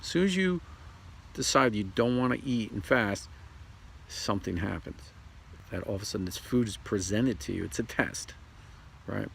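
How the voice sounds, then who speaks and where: Low gravelly guy rambling about spiritual stuff outside, faint noise in the background. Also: animated, fairly bright tone. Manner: rambling, repeats himself, acts out quick voices. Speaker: spiritual video host. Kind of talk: casual outdoor spiritual talk. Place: outdoors. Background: outdoor ambience, traffic and birds.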